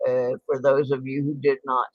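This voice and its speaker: On a laid-back livestream, a host in her late sixties tells an indignant story full of exclamations. Her voice rumbles low with a level tone at a moderate pace, and there's no echo. The audio has a dull, lo-fi stream quality.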